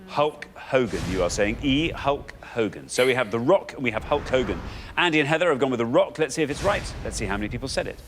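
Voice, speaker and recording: Man, quiz host, animated swooping delivery, faint studio ambience. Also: mid-range voice, quick pace, a little hiss or hum. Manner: animated, playful banter. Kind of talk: game show hosting.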